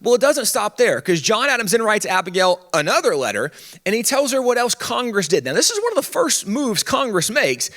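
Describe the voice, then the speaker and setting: A man addresses a conference crowd from the stage, his fairly high voice swinging widely as he talks. He keeps it conversational and funny, slipping in quick asides as he goes. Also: big pitch swings, fairly bright tone. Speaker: conference speaker on history. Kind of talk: animated conference talk.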